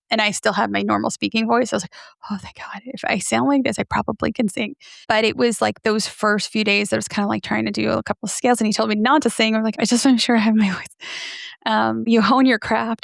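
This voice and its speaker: A woman's voice: fairly high pitch, vocal fry, no room sound, studio quality. A woman podcast host in her thirties, earnestly telling a personal story in a candid interview and acting out the things people said to her. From from near New York City. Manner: earnest, animated storytelling, acts out quoted dialogue.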